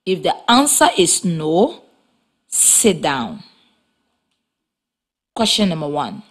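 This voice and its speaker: A woman teaching a children's reading lesson on radio in a slow, clear, instructive way. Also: on the low side, very animated. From Liberia.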